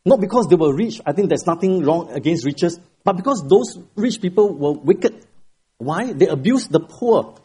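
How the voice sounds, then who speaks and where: A middle-aged male pastor delivering a Sunday sermon from the pulpit. His voice is mellow and a little husky, and he tells stories with emphatic rises for key words before easing back down to a soft, quieter tone. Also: a little high. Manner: expressive storytelling, rising for emphasis, then dropping quiet. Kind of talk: sermon with an opening joke and prayer. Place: church sanctuary at the pulpit.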